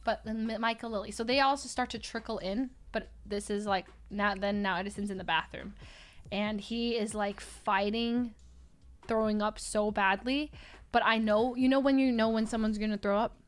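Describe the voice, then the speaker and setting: A woman's voice: mid-range voice, normal speed, clear, resonant tone. A woman casually telling a story to friends, acting out what people said and laughing often. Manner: animated storytelling, acts out quotes, laughs often. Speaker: storyteller recounting a trip. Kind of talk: casual chat.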